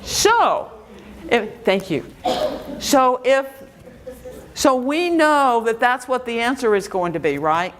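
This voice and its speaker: A woman educator teaches a live workshop, asking her audience question after question. Her delivery is slow and deliberate, yet her pitch rises and falls in a lively way. She speaks to a room full of listeners. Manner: quizzes the audience with rapid questions. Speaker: Montessori educator giving a workshop talk. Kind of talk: interactive workshop lecture. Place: lecture room before an audience.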